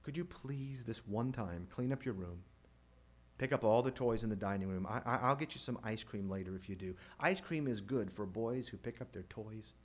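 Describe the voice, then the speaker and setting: A man's voice: normal speed, lightly acted. A man putting on a pleading, frazzled young mother. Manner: coaxing, soft-spoken, bursting into shrill yells. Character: anxious pleading young mother, quick to snap.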